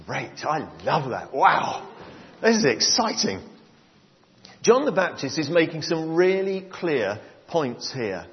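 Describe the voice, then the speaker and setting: A man preaching a sermon, explaining a Bible passage to his congregation in a measured way. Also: a little high, big pitch swings. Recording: long hall reverb, dull lo-fi sound.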